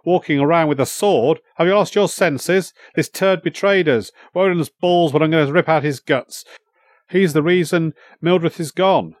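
A man's voice: fairly high pitch, fairly even intonation, a little fast, few pauses, dry recording, close to an everyday voice. A man voicing an older warrior father with a ferocious temper, roaring and growling in fury, in a dry recording. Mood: furious.

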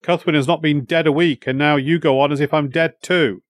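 A man's voice: a little high, steady tone, a little fast, no room sound, natural voice. A man voicing an older warrior father with a ferocious temper, roaring and growling in fury, in a dry recording.

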